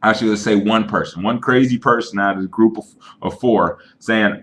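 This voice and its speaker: Earnest lowish-voiced man ranting on webcam. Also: a little fast, fairly bright tone. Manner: earnest, argumentative, explains with analogies. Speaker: vlogger. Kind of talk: casual webcam rant.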